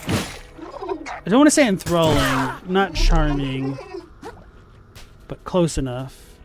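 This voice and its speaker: A man's voice: fairly high pitch, lively intonation, slow, music in the background. A young man casually commenting on a video game as he plays, reacting aloud and chatting with viewers. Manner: chatty, reacts aloud while playing and answers chat. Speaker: let's play host.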